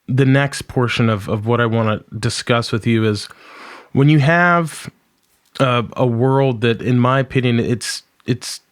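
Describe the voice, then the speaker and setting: A man hosting a podcast interview, halting and repeating words as he works out his questions. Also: medium pitch, clean tone. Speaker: podcast host. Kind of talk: conversational interview.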